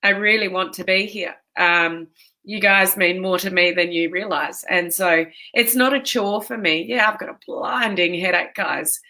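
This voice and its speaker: A woman's voice: on the low side, fairly even intonation, a little slow, bright, forceful tone. A woman coach chatting live with viewers, emotional and tearful from a migraine, greeting people by name. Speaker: online fitness coach. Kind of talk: live video chat with viewers.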